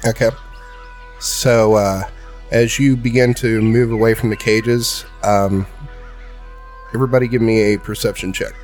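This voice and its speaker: Man, game master, calm measured narration, faint music behind. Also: on the low side.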